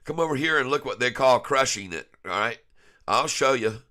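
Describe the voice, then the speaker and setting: Male vlogger, stuffy nose, folksy chuckling chart talk, bright forward tone. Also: mid-range voice, expressive, moderate pace. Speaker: stock trading vlogger. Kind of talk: casual screen-share commentary.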